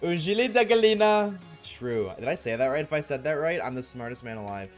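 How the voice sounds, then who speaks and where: A man's voice: medium pitch, quick pace, soft background music. A man streaming live, chatting casually and joking with his viewers, often laughing.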